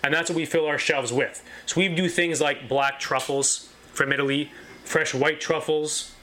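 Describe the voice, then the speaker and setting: A man's voice: fairly high pitch, steady tone, normal speed, bright, forceful tone. A man who owns a butcher shop talks about his business with enthusiasm, repeating phrases and restarting his sentences often. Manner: enthusiastic, repetitive, many restarts. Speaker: butcher shop owner, guest. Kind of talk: casual interview talk.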